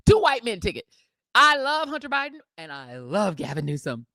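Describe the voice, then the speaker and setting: A woman co-hosting a podcast in casual chat, animated and gossipy, laughing often. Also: mid-range voice, normal speed, gravelly, no room sound, studio quality. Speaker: podcast co-host.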